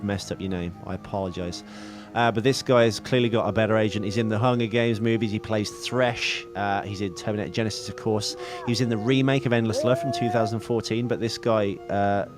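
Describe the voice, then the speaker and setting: A man co-hosting a podcast, chatting casually about films, rambling and correcting himself with jokes. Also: fairly low pitch. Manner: rambling, self-correcting, jokey. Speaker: podcast co-host. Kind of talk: casual film chat.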